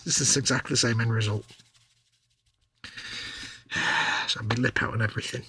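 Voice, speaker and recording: Co-hosting a live stream from his home workshop, an Englishman chats casually as he works, telling wry stories full of exaggeration. His medium-pitched voice has fairly even intonation and a normal pace, with a noisy background.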